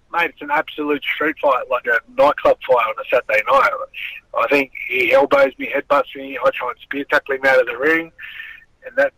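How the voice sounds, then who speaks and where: Gravelly, bright-voiced man. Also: on the high side, dry recording, low-quality recording. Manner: swearing, rambling, animated storyteller. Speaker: former boxer, guest. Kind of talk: casual storytelling interview.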